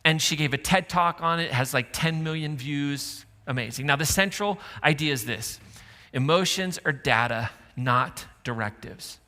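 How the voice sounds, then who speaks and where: A man's voice: a little high, moderate pace, sharp tone. A man preaching a sermon, conversational and joking with the congregation. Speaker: pastor. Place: church auditorium. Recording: church hall reverb with faint music.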